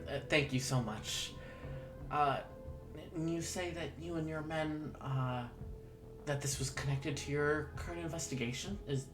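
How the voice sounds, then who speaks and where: A game master voicing an effusive news reporter in a tabletop game, quick and stumbling over fillers. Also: mid-range voice, close to an everyday voice. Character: eager news reporter interviewing a lieutenant.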